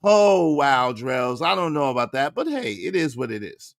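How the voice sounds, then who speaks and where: Animated slangy livestream host, a man. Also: medium pitch, normal speed, gravelly, no echo, studio quality. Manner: animated, slangy, rhythmic shout-outs to chat. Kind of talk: casual livestream commentary.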